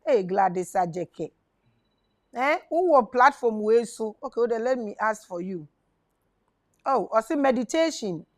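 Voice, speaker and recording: A woman hosting a live call-in show, brisk and encouraging, with frequent affirmations. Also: on the high side, animated. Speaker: radio show host.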